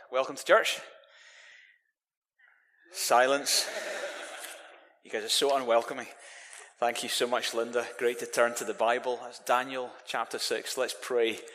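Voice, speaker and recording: A man's voice: mid-range voice, sharp tone. A man, a pastor, opening a church service and leading a prayer, joking easily with the congregation. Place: church hall. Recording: long hall reverb, from off mic.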